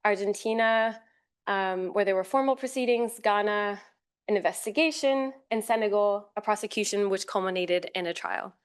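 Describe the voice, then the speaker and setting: A woman giving a formal, measured academic talk as a conference panel speaker, with occasional fillers and self-corrections. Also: medium pitch, clean tone.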